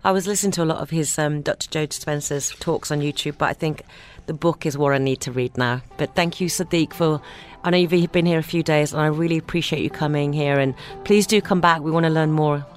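A woman hosting an interview in a friendly, brisk way. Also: low-pitched, soft background music. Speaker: interview host. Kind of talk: interviewing a guest.

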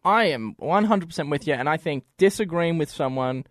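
A man's voice: a little high, animated, fairly quick, a bit bright, no echo, clean studio sound. A man from Australia with an Australian accent, co-hosting a casual chat in an earnest, rambling way with many restarts. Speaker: podcast co-host.

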